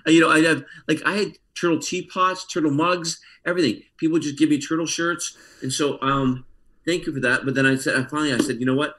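A man, an actor guest telling an animated story with frequent laughs over a video call. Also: a little high, fast, rough recording. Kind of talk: casual storytelling interview.

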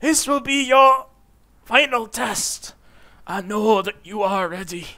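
A man's voice: high-pitched, sharp tone, voice pushed up, full character voice. A man hamming up a dying old wizard. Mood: grandly dramatic. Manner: dramatic, drawn-out, quavering. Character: dying old male wizard mentor, grandiose.

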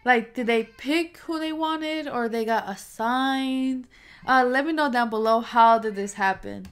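A woman of about twenty doing excitable, gushing reaction commentary, calling out "bro" and "oh my God" as she watches. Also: on the high side, a little slow, clean tone. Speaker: YouTube reactor.

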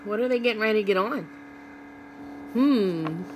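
A woman's voice: medium pitch, animated, moderate pace, background noise. A woman reading a picture book aloud to children, stopping to ask young listeners about the pictures. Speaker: children's read-aloud host.

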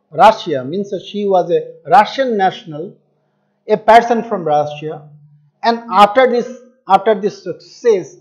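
A man's voice: sits high, darkish tone. A man teaching a textbook chapter, repeating words and answering his own questions. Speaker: English teacher. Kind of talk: classroom lesson explaining a textbook. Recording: dull lo-fi recording.

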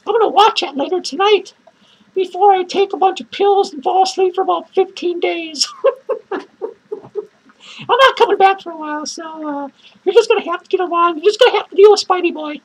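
A man playing a lonely, bitter, foul-mouthed female clown in a comedic horror-movie review skit, rambling and swearing in a shrill falsetto. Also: fairly quick, low-quality recording. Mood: boasting. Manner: rambling, swearing, cackling between lines.

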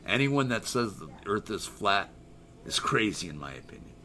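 A man's voice: on the low side, very animated, normal speed, bright, forceful tone, slight background noise. A middle-aged American man hosting a live stream, rambling and joking as he reads viewer chat aloud in casual talk. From United States.

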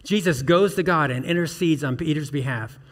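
A man's voice: fairly high pitch, fairly quick. Man preaching in a reverberant church. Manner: earnest preaching with rhetorical questions and rising emphatic peaks. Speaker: pastor. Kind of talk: sermon. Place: church sanctuary.

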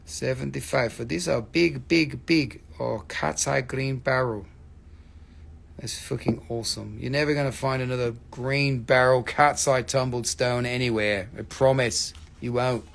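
A man hosting a live stream where he sells stones, showing pieces, repeating prices and answering chat in an excitable, casual way. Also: mid-range voice, gravelly.

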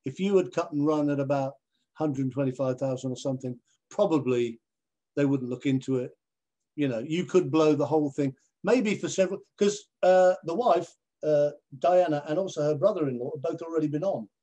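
A man recounts backstage stories from his presenting career with lively storytelling energy. His voice sits a bit high for a man and he slips into other people's voices as he goes. He is heard over a video call. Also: normal speed. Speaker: television presenter guest. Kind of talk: anecdotal storytelling in a conversation.

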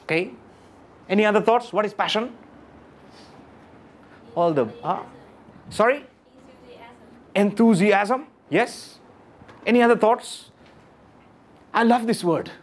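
Speaking slowly with long pauses, a man with a high-sitting voice gives a motivational talk to a live audience in a lecture room. He's animated, keeps questioning the listeners, and repeats key phrases to drive them home.

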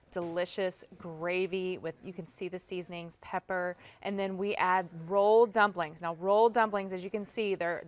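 A woman's voice: mid-range voice, dry recording. Cheerful woman demonstrating a food product. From Memphis, Tennessee. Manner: cheerful, bubbly, persuasive. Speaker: food company guest.

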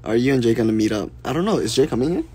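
Fielding fan questions casually on a live stream, a man reads them aloud, then replies in a soft, unhurried manner. His medium-pitched voice is husky and lively.

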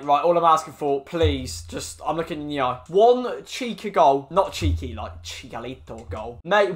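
Excitable lad yelling over his football game, highish voice, bit of music under it. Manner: excitable, shouts at goals, swears, slangy. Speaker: gaming YouTuber. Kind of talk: excited gameplay commentary. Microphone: desk microphone.

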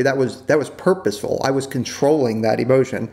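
A man co-hosting a casual podcast, talking about his work as an air controller and jumping up high when he quotes people. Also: a little fast, gravelly. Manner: animated, jumps up in pitch when quoting. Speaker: podcast co-host, former JTAC.

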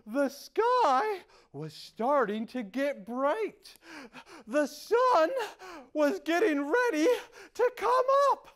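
A man's voice: very high-pitched, animated, takes it slowly, fairly bright tone. A middle-aged man telling traditional folk tales to a live audience in a theatrical style, with gasps and sound effects. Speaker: storyteller.

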